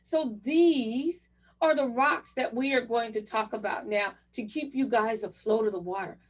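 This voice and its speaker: This woman's voice sits on the high side, and she takes her time, sounding distant from the microphone. Addressing new chief residents as "you guys" in a virtual conference session, she delivers a direct, encouraging motivational talk.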